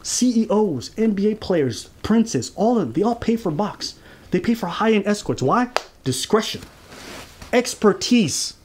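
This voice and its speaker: A man with a fairly high voice gives a casual reaction commentary. He talks bluntly and crudely and mocks the people he is reacting to, breaking into laughs often. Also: sing-song, a little slow, a little hiss or hum. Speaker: reaction channel host.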